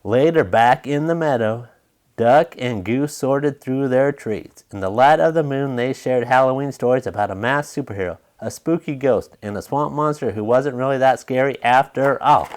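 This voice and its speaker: A man's voice: mid-range voice, moderate pace. A man reading a children's storybook aloud, playful and chuckling between lines.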